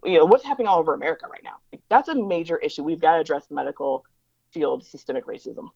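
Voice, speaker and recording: A woman talks fast and emphatically as an interview guest, slipping into the voices of people she quotes. Her voice sits somewhat low. The recording is dry and a bit dull and lo-fi. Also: sing-song, gravelly, dark tone, breathy edge, no echo. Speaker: interview guest, diversity educator. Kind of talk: conversational interview storytelling.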